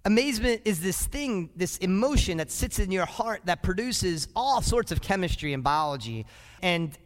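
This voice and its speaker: High-voiced pastor preaching in a reverberant hall. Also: male voice, normal speed. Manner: lively, asks the congregation questions. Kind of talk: sermon.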